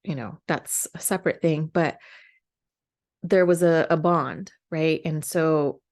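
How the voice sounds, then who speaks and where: A woman's voice: sits low, slow pace, darkish tone. A woman in her forties, a podcast host, telling a candid, emotional personal story with many fillers.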